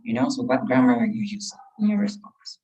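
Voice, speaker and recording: A woman's voice: a bass voice, big pitch swings, brisk, creaky, mellow, husky, recorded from a distance, dull audio. A woman teacher giving a class lecture to her students, explaining step by step with many rhetorical questions.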